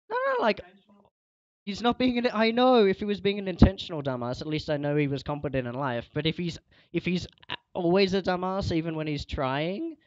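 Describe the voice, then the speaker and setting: A man's voice: fairly high pitch, dry recording, lo-fi sound. Young man streamer lecturing a teammate. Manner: scolding, lecturing a teammate, voice rising. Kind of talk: casual game stream chat.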